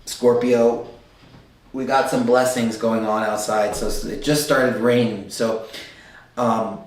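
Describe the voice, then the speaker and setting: A man's voice: medium pitch, steady tone, slow, recorded from a distance. Casual man reading tarot in an echoey room. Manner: loose and emphatic, checks in with "okay?". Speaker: tarot reader. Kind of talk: casual spoken astrology reading. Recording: very echoey room, voice set back from the mic.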